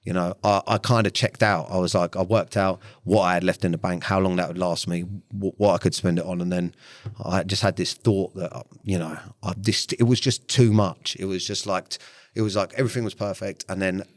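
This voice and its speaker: Man, 30s, podcast guest; very deep voice, dry close sound, blunt and sweary with halting restarts. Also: fairly even intonation, no echo. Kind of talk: candid interview talk.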